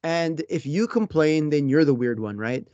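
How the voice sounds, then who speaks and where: A man hosting a podcast interview in casual chat, animated, laughing often and acting out quotes. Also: on the high side, moderate pace, dry recording, muffled recording. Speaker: podcast host.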